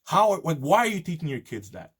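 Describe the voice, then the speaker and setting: A man's voice: a little high, very animated, a little fast, a bit bright, breathy edge. A man delivering an indignant, profane monologue to his audience. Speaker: video host. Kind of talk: angry monologue.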